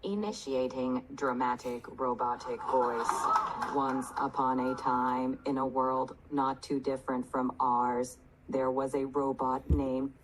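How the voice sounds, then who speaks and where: A woman's voice: rumbling low, fairly even intonation, slow, slight background noise, rough recording. A synthetic woman's voice from an AI assistant, telling a bedtime story in a bubbly, theatrical way. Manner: bubbly and theatrical, hamming up the drama on request. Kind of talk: expressive storytelling.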